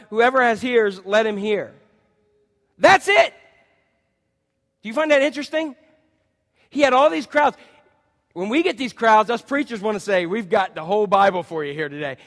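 High-voiced animated male preacher. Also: big-room sound. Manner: animated, conversational, acts out quoted voices. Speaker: pastor. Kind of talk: sermon. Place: church sanctuary.

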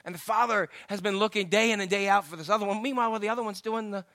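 A middle-aged male pastor delivers a sermon, swinging from hushed lines to loud acted-out shouts. His voice sits high and sounds bright. The sound is dry and close. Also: racing, no room sound. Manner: animated storytelling, acts out the father's voice.

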